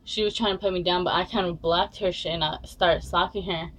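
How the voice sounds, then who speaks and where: A woman's voice: fairly low pitch, steady tone, fairly quick, noisy background. Blunt, swearing young woman vlogger. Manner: blunt, swears often, lots of fillers. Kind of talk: casual storytime vlog.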